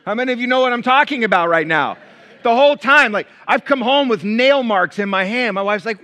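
A middle-aged man preaching a sermon as pastor, animated and storytelling, swinging between loud bursts and hushed asides. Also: high voice, brisk.

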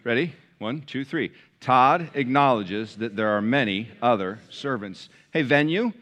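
A male pastor preaching a sermon to a large church, swinging from loud emphatic peaks to quiet, hushed lines. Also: mid-range voice, lively intonation, a little slow. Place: large church with balcony, live congregation.

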